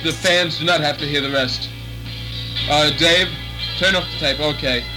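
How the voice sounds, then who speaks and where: A high-pitched man lodging a mock-outraged complaint with over-the-top theatrical indignation. Clear music runs behind him on the tape. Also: steady tone, normal speed, low-quality recording. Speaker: contributing fan. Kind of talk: comic mock protest.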